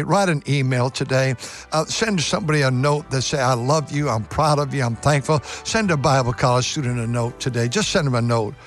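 An older man, a pastor giving an earnest radio devotional sermon, often restarting and repeating his words. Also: mid-range voice. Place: church pulpit.

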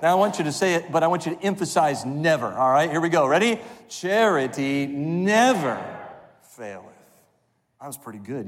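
A male pastor preaching a sermon, leading the congregation in call-and-response and slowing down to read scripture. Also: fairly high pitch, a bit bright. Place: church sanctuary. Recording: long hall reverb.

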